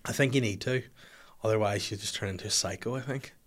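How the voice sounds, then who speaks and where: A man, hosting a podcast and telling funny stories in a casual, swearing way. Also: fast. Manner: animated, swears a lot, puts on high squeaky voices for his daughter. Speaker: podcast host. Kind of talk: casual comedic storytelling.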